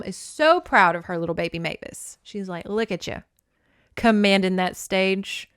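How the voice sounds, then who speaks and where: Young woman podcast host, frank and opinionated, smooth clear voice, dry close sound. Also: mid-range voice, fairly bright tone, dry recording. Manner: candid, opinionated, swears freely. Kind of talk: casual book recap.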